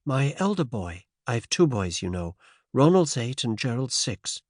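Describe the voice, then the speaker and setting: A man's voice: mid-range voice, sing-song, measured pace, no room sound, studio quality. A male narrator voicing a determined American woman of about thirty with a faint American accent, earnest and worried. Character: determined American wife and mother around thirty. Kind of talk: audiobook character voice.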